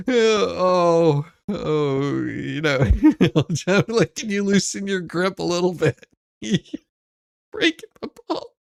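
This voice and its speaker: A woman's voice: lowish voice, lively intonation, slow pace, vocal fry, dry recording, clean studio sound. A woman reacting in a casual chat, laughing often and exclaiming.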